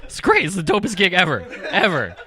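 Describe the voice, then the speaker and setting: A young adult man from California doing stand-up comedy at an open mic, energetic and profane, often checking with the crowd. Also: high-pitched, fairly quick. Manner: energetic, profane, keeps asking the crowd "right?".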